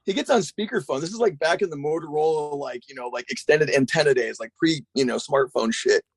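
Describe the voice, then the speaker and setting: A man, a guest skateboarder, telling a long story in a rambling, profane, animated way. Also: on the high side, a little fast, husky, dry recording. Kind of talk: casual storytelling.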